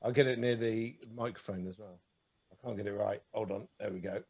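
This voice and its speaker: A man's voice: fairly low pitch, fairly even intonation, a little fast, noisy background. A man guesting on a casual wine podcast, playful and teasing, laughing often. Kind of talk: casual chat over wine.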